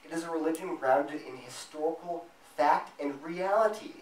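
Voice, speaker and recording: A man's voice: fairly high pitch, normal speed. A man giving an apologetics lecture at a student fellowship event, speaking emphatically and acting out imagined dialogue. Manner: emphatic, acts out imagined back-and-forth dialogue. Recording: roomy sound, mic at a distance.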